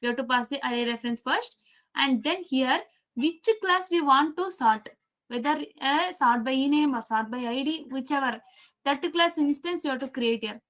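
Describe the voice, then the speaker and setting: A woman's voice: sits high, moderate pace, a bit bright. A woman teaching a live programming class, repeating key steps and quizzing her students as she goes. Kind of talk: live coding lesson.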